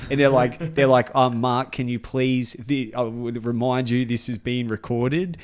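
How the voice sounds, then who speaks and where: A man's voice: medium pitch, a little slow, few pauses, clear, resonant tone. A man co-hosting a casual podcast, telling a story with lots of swearing and laughter. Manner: animated, swearing, laughs through his story. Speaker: podcast co-host.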